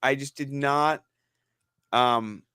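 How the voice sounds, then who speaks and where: A man's voice: mid-range voice, fairly even intonation, slow pace, bright, forceful tone, clear, resonant tone, no room sound, studio quality. A man co-hosting a podcast in casual chat, rambling with lots of fillers and restarts, laughing easily. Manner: rambling, filler-heavy, self-interrupting. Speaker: podcast co-host.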